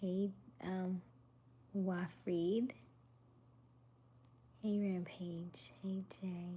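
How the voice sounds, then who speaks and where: A woman hosting a casual evening livestream, greeting viewers by name and chatting about relationships in a soft, often half-whispered voice. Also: fairly low pitch, little pitch movement, very slow, a little hiss or hum. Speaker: livestream host. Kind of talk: casual live chat reading viewer comments.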